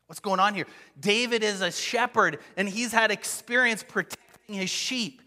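Male preacher, slightly high and bright voice, lively storytelling sermon, echoing church hall. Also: normal speed. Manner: expressive storytelling, acting out quotes. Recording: long hall reverb.

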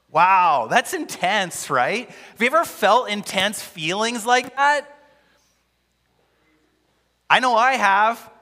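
Casual, energetic male pastor, high and bright, preaching in a church with a long hall reverb. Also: slow pace, pauses often. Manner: casual, energetic, rhetorical questions. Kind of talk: conversational sermon.

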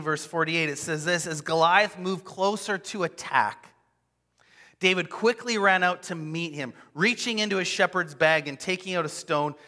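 A man preaching a sermon, telling a scripture story with expressive acted-out quotes. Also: fairly high pitch. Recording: long hall reverb.

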